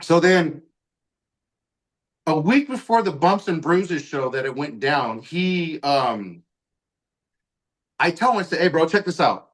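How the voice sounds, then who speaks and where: A man with a fairly high, fairly bright, expressive voice tells a story on his podcast slowly, with long pauses. He's casual and profane, acting out quoted lines into a podcast mic.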